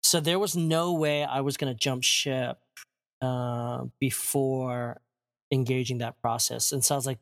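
A man's voice: mid-range voice, a little slow, creaky. A man in his forties, a pastor, sitting for a casual interview. He tells his story with energy, mimics the people in it, and laughs readily. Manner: animated storyteller, acts out quotes, laughs often. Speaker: pastor, guest.

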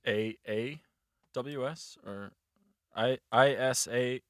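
A man solving a crossword with friends in casual chat, slowly spelling out letters. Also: mid-range voice, a bit bright, no echo, clean studio sound. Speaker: crossword solver.

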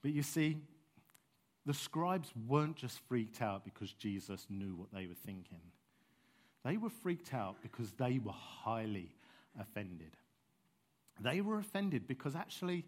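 A man's voice: mid-range voice, very animated, unhurried. A man preaching a sermon in a passionate, conversational way, with frank asides to his listeners.

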